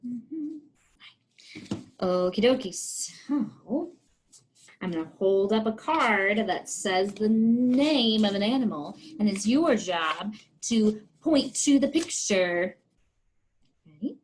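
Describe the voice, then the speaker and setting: A woman's voice: medium pitch, expressive, slow, slight background noise. A woman teacher demonstrating a picture-card lesson for young students, talking in a sing-song way and making animal sounds.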